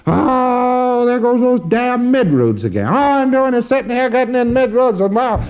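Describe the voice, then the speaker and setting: A man's voice: big pitch swings, normal speed, clear, resonant tone, heavily acted. A man voicing an exasperated male client, whining in a raised voice. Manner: high-pitched, whining exclamations. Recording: dull lo-fi recording.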